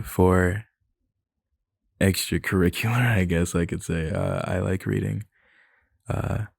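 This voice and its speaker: Gravelly deep man in ASMR boyfriend role-play. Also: a little mellow, dry recording, studio quality. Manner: rambling, nervous, laughing and swearing.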